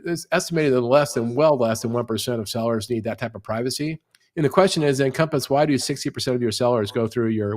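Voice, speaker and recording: A middle-aged man in a podcast discussion, talking fast and animated with lots of "you know" as he explains the real estate industry. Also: mid-range voice.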